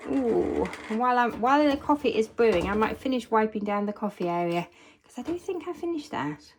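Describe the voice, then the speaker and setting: Woman, cleaning vlogger, casual chat, thinking aloud, home kitchen, clear household clatter behind. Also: fairly high pitch, lively intonation, brisk, background noise. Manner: chatty, thinking aloud, cheering herself on. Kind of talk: casual chat while cleaning along in real time.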